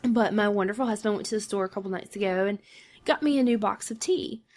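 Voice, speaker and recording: A woman co-hosting a casual podcast, telling a story with a scratchy throat, animated and easily exasperated. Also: mid-range voice, quick pace. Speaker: podcast co-host.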